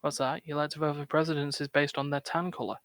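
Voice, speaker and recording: A man from England hosting a casual gaming podcast, rambling and quick to laugh. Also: on the high side, level tone, a crowd in the background. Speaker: podcast host. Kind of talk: casual chat.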